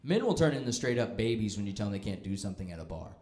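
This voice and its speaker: A young man performing stand-up on a club stage, his voice sitting low as he talks in a dry, self-mocking way. The room gives his voice a roomy echo. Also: big pitch swings, very fast, darkish tone. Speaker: stand-up comedian. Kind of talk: stand-up comedy set.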